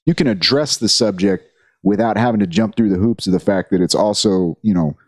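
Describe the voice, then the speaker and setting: A man's voice: fairly low pitch, fairly quick, no room sound, clean studio sound. A man in casual podcast chat, talking in a profane, opinionated, reflective way.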